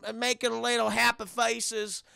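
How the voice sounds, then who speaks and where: A fussy Southern bar owner with a high drawl complains about his property, as a man puts him on during a review. The voice is bright and gravelly, and it sounds dry and close. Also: completely flat delivery, a little slow, no echo, heavily acted. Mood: fussy complaining. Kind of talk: mocking impression in a review.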